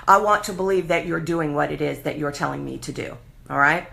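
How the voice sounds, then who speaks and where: A middle-aged woman hosts a live show, delivering a casual monologue passionately and animatedly while acting out other people's voices. Her voice is low with vocal fry, and she talks a little fast.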